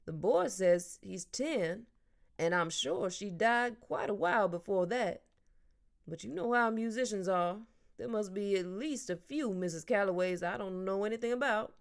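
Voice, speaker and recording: A woman's voice: medium pitch, moderate pace, close to an everyday voice. A woman reading an audiobook, voicing a friendly older man who loves to tease and talks in an easy, joking drawl. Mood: easygoing.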